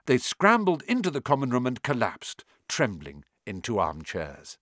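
Expressive male audiobook narrator, dry sound. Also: medium pitch, normal speed, no room sound. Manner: expressive, dramatic.

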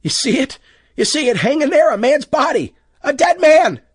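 A man voicing a panicked middle-aged male shopkeeper in an audiobook, shouting in a strained high voice. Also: very animated, moderate pace, breathy edge, dry recording, studio quality, full character voice. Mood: frantic. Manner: frantic, shouting, high-pitched. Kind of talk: audiobook character voice.

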